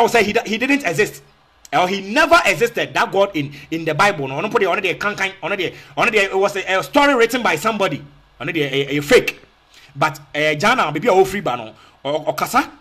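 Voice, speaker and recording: Man, Ghanaian accent, high voice, lively swinging pitch, repetitive, rhetorical questions, casual commentary. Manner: repetitive, rhetorical questions, mixes in Twi phrases. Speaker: online commentator. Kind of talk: casual spoken rebuttal video.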